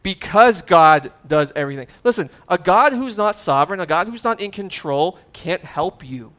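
A man preaching a sermon as pastor, animated and emphatic, with casual conversational asides. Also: sits high, normal speed. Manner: conversational asides with fillers and chuckles.

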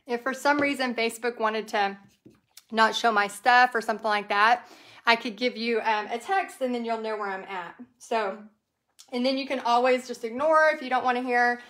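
A woman's voice: on the high side, normal speed, a bit bright, roomy sound. A woman with a Texas accent chatting casually to livestream viewers while she paints, rambling and talking straight to them. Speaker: craft business teacher and livestream host.

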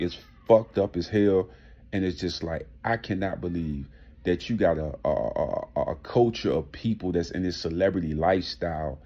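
A man's voice: low-pitched, dark tone, breathy edge, dull audio. A man ranting in an indignant commentary vlog, emphatic and swearing heavily. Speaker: commentary vlogger.

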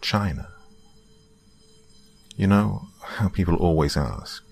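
A man giving a slow, dramatic scripted horror narration that drops into whispers for effect. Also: low voice, very animated, vocal fry, bright, forceful tone, husky.

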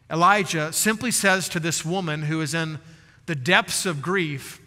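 A male pastor delivers an earnest sermon with emphatic stresses and dramatic pauses. His voice sits a bit high and comes across bright and forceful. A long reverb from a large church sanctuary trails each phrase. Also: animated.

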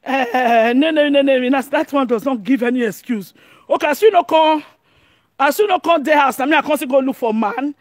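A Nigerian woman from Edo giving an animated monologue as an online commentator, excitable and often shouting and laughing. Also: sits high, normal speed, dry recording, studio quality.

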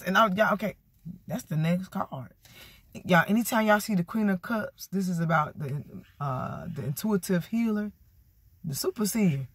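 A woman giving a casual tarot card reading, sassy and animated, talking straight to her viewers. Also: fairly low pitch, moderate pace, breathy edge, no room sound. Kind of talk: casual spiritual reading vlog.

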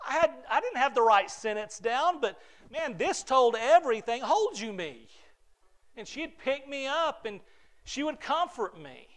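A middle-aged male pastor with a high, light voice delivers a heartfelt sermon. He speaks earnestly, stumbling and repeating words as he goes, and his voice sinks soft and low before swelling back up. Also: lively intonation, normal speed. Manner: earnest, repeats words, drops to soft near-whispers then rises.

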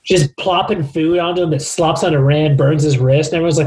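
A man's voice: fairly high pitch, steady tone, fairly quick, a little mellow. A man co-hosting a casual podcast book discussion, reading passages aloud. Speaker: podcast co-host.

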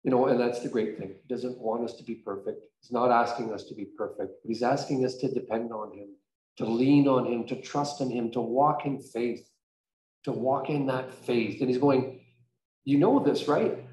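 A man's voice: mid-range voice, moderate pace, darkish tone. A male pastor telling a story in a conversational, emphatic sermon. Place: church sanctuary. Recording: echoey church room.

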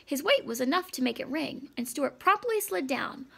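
A woman reading a children's storybook aloud, with a high voice and a strongly gravelly, creaky texture. Her reading is measured and lightly expressive. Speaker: audiobook narrator. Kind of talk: storybook narration.

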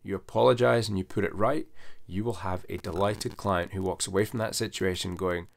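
A man in his forties with a low, gravelly voice talks straight to camera. He is a veterinarian coaching other vets step by step. His tone stays earnest and conversational, like a colleague passing on hard-won advice. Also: fairly even intonation, brisk.

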